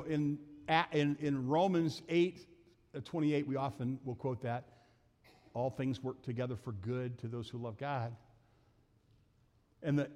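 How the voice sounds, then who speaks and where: A middle-aged man, a pastor, preaching a sermon in a folksy way, rising to loud emphatic peaks and dropping back to asides. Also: mid-range voice. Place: church sanctuary. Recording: long reverb of a church hall.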